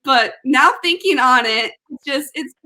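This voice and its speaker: A woman's voice: sits high, measured pace, sharp tone. A young woman who is a guest on a casual sports talk show, chatty and often unsure, trailing off.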